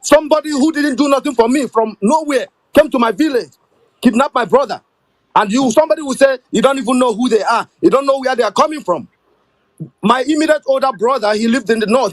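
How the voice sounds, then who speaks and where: High-pitched guy calling in, furious and bitter, dry sound. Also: no room sound, low-quality recording. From Nigeria. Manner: bitter, heated and confrontational. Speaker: caller. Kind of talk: angry call-in rant.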